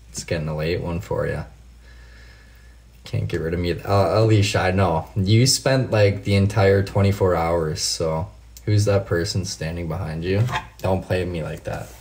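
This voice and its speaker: Low-voiced man chatting on a live stream. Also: darkish tone. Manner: profane, laid-back storytelling, answers chat by name. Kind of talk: casual live stream chat.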